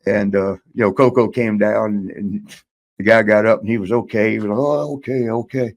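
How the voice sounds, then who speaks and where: A man's voice: fairly low pitch, flat delivery, moderate pace. An older man, a guest in a shoot interview, telling a rambling story and laughing now and then.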